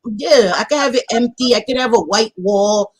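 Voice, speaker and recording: A woman hosting a casual livestream, greeting viewers warmly by pet names and swearing freely in animated chat. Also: a little high, normal speed, slightly rough. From Latina. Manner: animated, swearing, affectionate nicknames. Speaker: livestream host.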